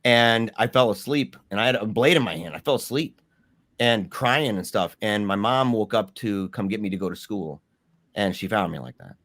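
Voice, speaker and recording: A young man telling his personal story in a candid, animated way with slangy asides. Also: fairly low pitch, normal speed, no room sound.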